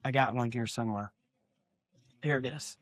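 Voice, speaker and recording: In a clean studio recording without room sound, a combat veteran and speaker shares war stories as a podcast guest, interview-style. His mid-range voice keeps a moderate pace but gets emphatic, climbing to near-shouts at key points.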